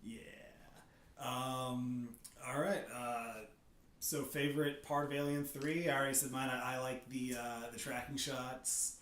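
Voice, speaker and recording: A man's voice: mid-range voice, little pitch movement, a little slow, a bit bright, slight background noise. Male podcast co-host, mid-range voice, considered explanations, echoey room sound. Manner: thoughtful, explains film background at length. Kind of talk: casual film-discussion chat.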